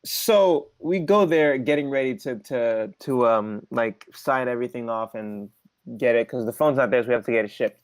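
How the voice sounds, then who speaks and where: Young man telling a story, animated. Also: mid-range voice, moderate pace, clear, resonant tone, no echo, clean studio sound. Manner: animated, acts out family quotes, frequent restarts. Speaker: podcast co-host. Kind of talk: casual storytelling chat.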